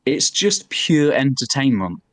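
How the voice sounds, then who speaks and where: A man on a podcast, chatting casually and telling an animated story full of swearing and "like" fillers. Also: mid-range voice, a little slow, no echo. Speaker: podcast co-host. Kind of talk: casual chat.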